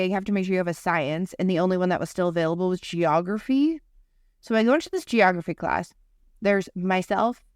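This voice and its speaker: A woman in her twenties telling school mishap stories in relaxed podcast chat. She acts out the voices in her quotes and swears offhandedly. The sound is dry and close. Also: lowish voice, no room sound. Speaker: podcast co-host. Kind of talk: casual chat, storytelling.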